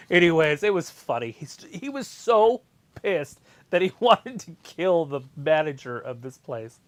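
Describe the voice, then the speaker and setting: A man co-hosting a live wrestling watch-along stream, chatting casually and telling animated stories with plenty of swearing. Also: a little high, normal speed. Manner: animated storyteller, swears freely, sings off-key snippets.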